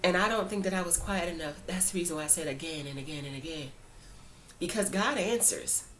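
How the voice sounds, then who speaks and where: A woman's voice: lowish voice, a little fast, fairly bright tone, slight background noise. A woman talking earnestly and informally to camera in a casual faith talk, preaching a little as she goes. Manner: informal phrasing with many fillers. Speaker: Christian vlogger.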